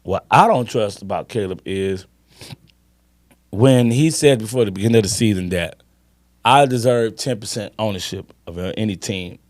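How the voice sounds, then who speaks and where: A man's voice: on the low side, no room sound, clean studio sound. A man, co-hosting a casual sports podcast and talking emphatically with plenty of swearing. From Chicago. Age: 50s. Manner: emphatic, swearing, drawn-out storytelling. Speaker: podcast co-host.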